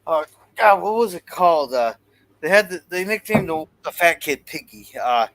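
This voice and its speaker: Higher-voiced man chatting on a panel. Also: lively intonation, normal speed, fairly bright tone, a little hiss or hum, poor audio. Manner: gropes for words, chatty. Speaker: panel guest. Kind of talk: casual chat.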